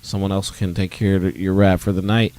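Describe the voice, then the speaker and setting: A man's voice: low voice, flat delivery, fairly quick, a little mellow. A man co-hosting a podcast, telling a story in casual chat with lots of ums and quoted voices. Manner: rambling storytelling with many fillers and acted quotes. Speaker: podcast co-host.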